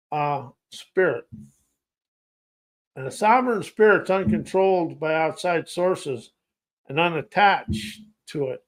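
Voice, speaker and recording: Slow, poetic high-voiced man. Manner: slow, rhythmic, poetic delivery with listed words. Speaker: podcast host. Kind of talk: spoken-word motivational monologue.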